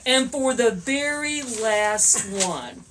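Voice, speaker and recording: A woman's voice: fairly high pitch, lively intonation, slow, noisy background. Giggly woman hosting library trivia. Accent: Ohio. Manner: playful, giggly, sings out bell sounds. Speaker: library host. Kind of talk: casual trivia chat.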